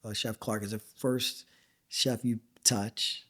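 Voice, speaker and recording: A man's voice: lowish voice, slow pace, husky. A middle-aged man, a chef, telling stories in a casual interview, acting out quotes and swearing freely. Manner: animated storyteller who acts out quotes, swears freely. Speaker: chef and restaurant owner, guest.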